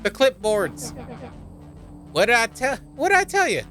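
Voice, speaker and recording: A man voicing a panicky, excitable young boy in a game, urging his friend to stay away. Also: very high voice, unhurried, faint music behind, voice pushed up, full character voice. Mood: frantic. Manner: panicky, urgent.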